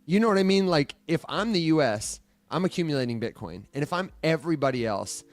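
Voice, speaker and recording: A man's voice: on the high side, expressive, brisk. A man co-hosting a morning show, musing aloud and asking rhetorical questions in casual chat.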